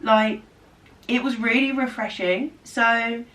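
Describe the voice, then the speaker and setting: A woman's voice: on the high side, slow pace, far from the mic. Chatty young Englishwoman, sweary storyteller. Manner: animated, swears freely, acts out dialogue. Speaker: vlogger. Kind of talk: casual storytime chat.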